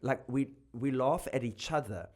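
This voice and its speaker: A South African man talks as a guest comedian on a podcast. His voice sits at an ordinary middle pitch. He is animated and laughs easily, and he often breaks off and restarts his sentences. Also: moderate pace. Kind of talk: casual podcast chat.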